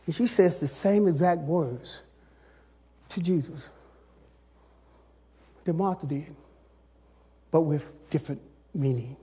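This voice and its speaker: A man preaching a sermon as pastor, talking straight to the congregation in a colloquial way, dropping to soft, drawn-out phrases and then rising to shouted climaxes. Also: fairly high pitch, slightly rough. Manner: colloquial, addresses the congregation directly.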